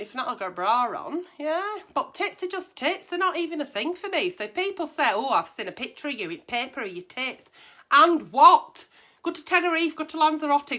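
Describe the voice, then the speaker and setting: A woman's voice: high-pitched, sharp tone. A woman, hosting a casual advice chat in a blunt, brash and sweary way. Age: 40s. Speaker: agony aunt host.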